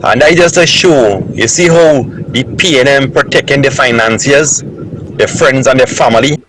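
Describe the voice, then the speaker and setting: A man's voice: mid-range voice, normal speed, fairly bright tone, a little hiss or hum, poor audio. A man with a Trinidadian accent sending an angry, ranting voice note to a talk show. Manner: angry ranting, repeating "boy". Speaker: caller.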